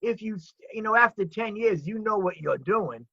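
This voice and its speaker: A man, a comedian, chatting eagerly on a video call, repeating words as he warms up to a point. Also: sits high, animated, moderate pace, gravelly, breathy edge, no room sound. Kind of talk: casual video chat. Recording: dull lo-fi video call audio.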